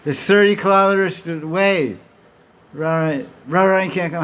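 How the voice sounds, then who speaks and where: A man's voice: high voice, a little fast, fairly bright tone, clear, resonant tone. A man giving a devotional talk, telling stories and acting out the characters' dialogue, with many restarts. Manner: acts out dialogue between characters in storytelling; frequent restarts and repeated words. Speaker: spiritual teacher.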